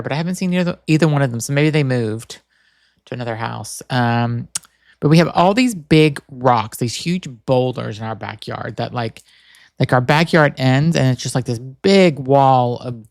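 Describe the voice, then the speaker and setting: A male podcast host rambles through a casual story, tripping over restarts and leaning on fillers. His voice sits in a middle pitch and comes across dry and close, with no room around it. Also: gravelly, no echo. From Boston area.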